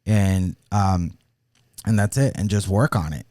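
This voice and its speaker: A man's voice: sits low, unhurried, mellow, no room sound, clean studio sound. A man co-hosting a podcast, earnestly giving marriage advice in casual chat and often restarting his phrases. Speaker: podcast co-host.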